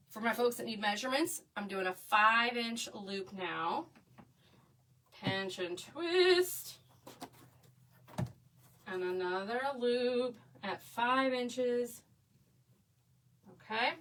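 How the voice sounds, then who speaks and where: A chatty woman leads a live crafting tutorial, gushing over her materials and chatting with her viewers. Her voice sits on the higher side. She is heard from a little away from the microphone. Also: fairly bright tone, distant mic. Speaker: craft instructor. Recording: voice a bit away from the mic.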